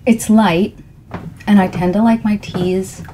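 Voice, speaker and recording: A woman in a soft-spoken ASMR tea ramble at home, talking in an unhurried, rambling way with a froggy morning voice. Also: mid-range voice, fairly even intonation, noisy background. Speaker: ASMR creator.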